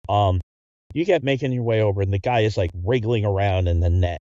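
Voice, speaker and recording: A man runs a tabletop game, narrating in halting bursts with plenty of restarts. His voice is dark and mellow. It is heard over dull, lo-fi online call audio. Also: fairly low pitch, no room sound. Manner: halting, full of restarts and fillers. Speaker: game master.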